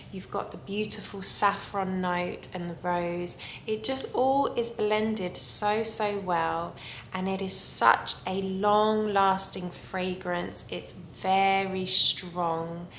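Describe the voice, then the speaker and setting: A woman's voice: medium pitch, fairly bright tone, reverberant, slight background noise. A woman reviewing perfumes in a casual vlog, gushing and lingering over her descriptions.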